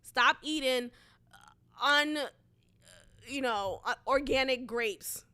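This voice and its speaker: A woman's voice: high voice, slow, pushed and bright. A young woman from Boston, hosting a solo podcast in a casual, chatty monologue full of asides and fillers. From Boston, USA. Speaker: podcast host.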